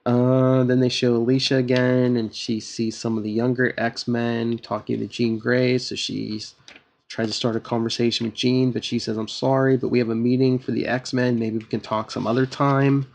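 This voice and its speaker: A man's voice: mid-range voice, level tone, normal speed, gravelly, darkish tone. A man hosting a podcast, casually retelling a comic book plot with lots of fillers and quoted lines. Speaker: podcast host.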